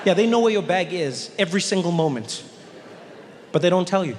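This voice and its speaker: A male comedian performing stand-up on stage, his voice sitting a touch high for a man. He talks animatedly and leaps upward into mock voices. The sound rolls around a large hall with long reverb over faint hiss. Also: fairly quick. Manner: animated, jumps up in pitch for quoted voices.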